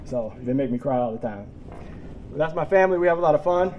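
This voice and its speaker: A man's voice: a little high, animated, fast talker, dull audio, slight background noise. A man in his forties giving a personal talk to a live audience. He is emotional, tears up, and laughs between lines. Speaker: public speaker. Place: room with an audience.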